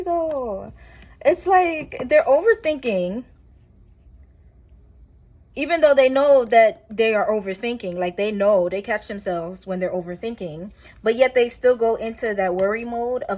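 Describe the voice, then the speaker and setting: A woman doing a casual tarot reading, talking in a chatty, rambling way with animated asides. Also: a little high, measured pace. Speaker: tarot reader.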